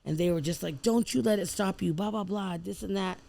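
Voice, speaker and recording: A woman's voice: mid-range voice, a little fast, creaky, warm tone. A woman guest on a podcast, telling her life story in casual chat and animatedly acting out the people and prayers she quotes. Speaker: podcast guest, food truck owner.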